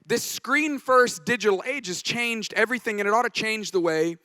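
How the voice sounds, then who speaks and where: Bright-voiced pastor telling stories. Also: male voice, high-pitched, expressive, normal speed, no room sound. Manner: anecdotal, joking storyteller. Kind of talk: conference talk. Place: conference stage.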